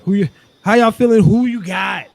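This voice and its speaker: A man's voice: sits high, moderate pace, gravelly, no echo. A man hosting a casual sports podcast, hyped and profane as he polls his co-hosts. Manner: animated, hype, profane. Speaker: podcast host.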